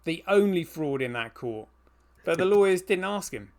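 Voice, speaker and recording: A man co-hosting a podcast, talking in a halting way with lots of fillers. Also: fairly high pitch, lively intonation, darkish tone. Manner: halting, filler-heavy, agreeable. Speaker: podcast co-host. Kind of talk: casual chat.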